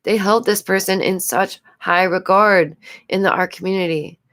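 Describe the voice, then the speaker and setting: A woman's voice: mid-range voice, fairly even intonation, moderate pace, fairly bright tone. A woman hosting a casual commentary vlog, exasperated and rambling, breaking into frequent laughs. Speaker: YouTube commentary host.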